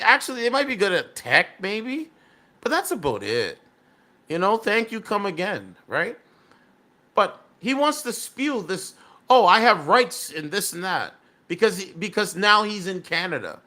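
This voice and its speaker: A man's voice: high-pitched, bright, forceful tone. A man giving rambling video commentary, often tagging his sentences with "right?". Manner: rambling, keeps asking "right?".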